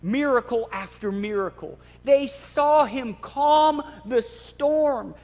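A man with a very high voice delivers a sermon in an emphatic, dramatic manner and often repeats his words. His voice rings out with a long reverb, as in a large sanctuary. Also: slow pace, darkish tone. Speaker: preacher.

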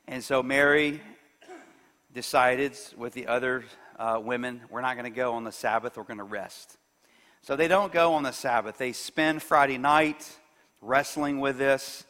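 A man preaching a sermon, retelling a story with sudden swings from soft to loud. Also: mid-range voice, big-room sound.

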